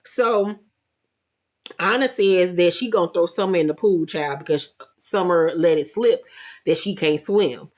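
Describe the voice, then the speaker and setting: Woman host, sassy and blunt, low-ish voice, casual show-recap commentary. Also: unhurried.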